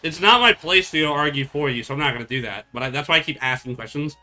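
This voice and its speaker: A young man talks to his stream chat in a loose, rambling way, swearing freely and restarting his sentences. His voice has a bright, forceful edge. Faint music plays underneath. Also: fairly high pitch, quick pace. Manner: blunt, profane, rambling with restarts. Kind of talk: casual stream chat with viewers.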